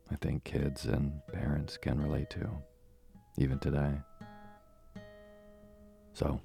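A man's voice: rumbling low, gravelly. A man hosting a bedtime story show, chatting informally and then reading a story aloud in a soothing way. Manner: relaxed, informal. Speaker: bedtime story podcast host.

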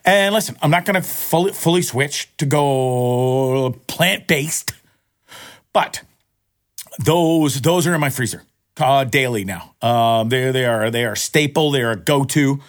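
A man in an off-the-cuff rant that rambles and doubles back on its words. He swears freely, and his voice jumps upward whenever he gets worked up. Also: a little slow. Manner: excitable, jumps up in pitch when worked up. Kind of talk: casual profane rant to camera.

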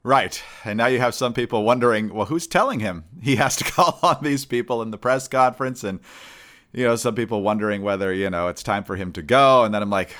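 A man hosting a political podcast, steady and measured with a wry edge, closing out the show. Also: fairly low pitch. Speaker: podcast host. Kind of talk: political chat and show outro.

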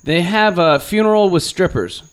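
A man hosting a podcast in casual comedic chat, joking and animated, sometimes trailing off into quiet asides. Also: sits high, normal speed, clean tone. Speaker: podcast host.

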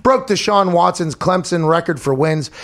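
Male sports podcast host, quick animated banter, slightly high voice. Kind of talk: casual sports talk.

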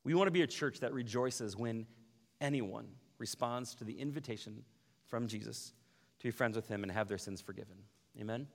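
A man preaching a sermon as pastor, animated, often acting out quoted voices. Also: mid-range voice, moderate pace, vocal fry. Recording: long hall reverb.

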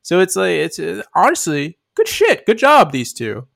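A slightly high-voiced man co-hosting a casual podcast, blunt and joking. He swears freely and keeps a loose, offhand tone. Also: wildly swooping pitch, normal speed, vocal fry, a bit bright. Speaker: podcast co-host. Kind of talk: casual recap chat.

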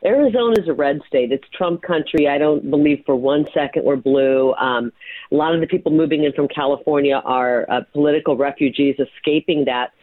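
A woman's voice: sits low, fairly quick, dry recording. A woman guest talking as a political candidate, blunt and emphatic, with some fillers. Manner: forceful, emphatic, scattered fillers. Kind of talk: blunt campaign talk. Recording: tinny dry phone line.

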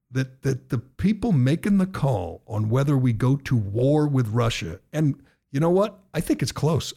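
Gravelly-voiced sarcastic talk radio host. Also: male voice, medium pitch. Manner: sarcastic, rising to loud rhetorical outbursts. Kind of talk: political talk radio commentary. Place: radio studio.

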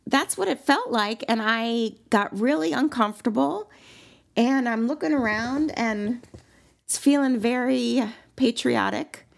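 A woman co-hosting a casual chat, telling a long story with animated delivery and sudden high squeals. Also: a little slow, creaky.

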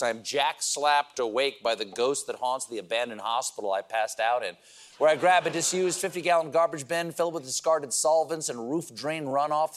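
A man hosting a late-night comedy show, delivering a mock-grandiose monologue of jokes. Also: mid-range voice. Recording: studio audience laughter behind.

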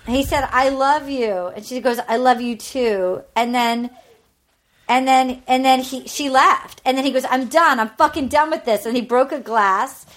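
High-voiced woman recapping a show. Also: a little slow, fairly bright tone. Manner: retells scenes by acting out both sides of the dialogue. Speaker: podcast co-host. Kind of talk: casual chat, recapping a reality show.

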